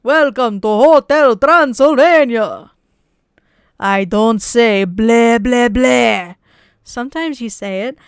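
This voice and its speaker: A woman putting on the voice of an old male vampire count, with slow, drawn-out, grandly accented delivery. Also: a little high, animated, clean tone, no room sound, studio quality, natural voice.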